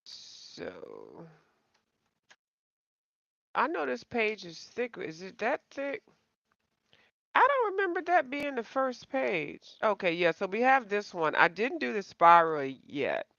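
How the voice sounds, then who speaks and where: A woman's voice: mid-range voice, huge pitch swings, takes it slowly, vocal fry, long pauses, fairly bright tone, no room sound. A woman hosting a casual live-stream and chatting to viewers. She rambles, calls them y'all and pokes fun at herself. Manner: self-deprecating. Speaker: coloring channel host. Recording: slightly dull, dry home recording.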